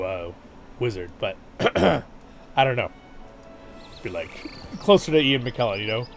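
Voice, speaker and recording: A man's voice: lowish voice, expressive, a little slow, long pauses, faint music behind. A man hosting a casual game livestream, chatty and laughing, reading out chat messages, with a stuffed-up nose. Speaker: livestream host.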